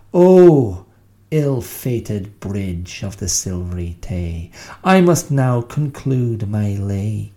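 A man reciting a grim ballad in a put-on Scottish accent, slow and declaiming, in a mock-solemn dramatic poem reading. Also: fairly low pitch, warm tone.

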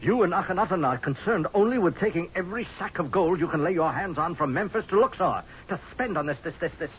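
A man's voice: high voice, lively intonation, fast, slight background noise. An actor playing a blunt, sarcastic male army general in a 1970s radio drama. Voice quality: sarcastic, forceful. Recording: dull lo-fi radio recording.

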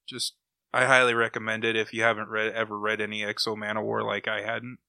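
Bright, dry-voiced man recapping comics. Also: on the low side, completely flat delivery, brisk, creaky, no echo. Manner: rambling, enthusiastic retelling. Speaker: comic book podcast host. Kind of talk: casual chat, recapping comics.

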